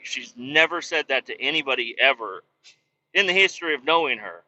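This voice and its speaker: A man's voice: mid-range voice, lively intonation, brisk, sharp tone, lo-fi sound, a little hiss or hum. A man, a truck driver, casually telling stories on a vlog from inside his truck cab, chatty and profane.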